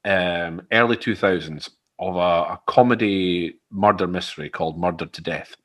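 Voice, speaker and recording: A man's voice: low-pitched, moderate pace, fairly bright tone. A Scottish man hosting a casual interview, friendly and conversational. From Scotland. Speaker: interview host. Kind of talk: casual chat.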